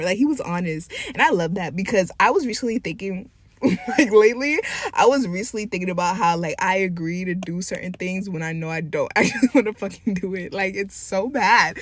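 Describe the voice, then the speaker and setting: A woman's voice: fairly low pitch, normal speed. A woman chatting casually while doing nails, swearing freely and laughing often as she tells a story. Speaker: nail tech vlogger. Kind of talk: casual chat while working.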